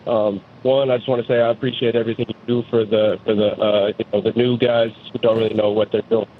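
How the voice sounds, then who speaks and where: A man's voice: on the low side, flat delivery, fast talker. A man from Georgia calling in to a show, polite and hesitant with lots of fillers, heard over a phone line. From US state of Georgia. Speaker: caller. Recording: tinny phone line with faint hiss.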